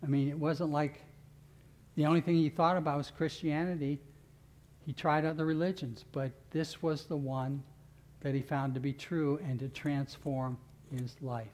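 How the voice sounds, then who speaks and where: A man's voice: fairly high pitch, steady tone, normal speed, slight background noise. A man preaching a sermon as pastor, leading his congregation in call-and-response and closing in earnest prayer. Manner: builds to loud fervent call-and-response, then earnest prayer.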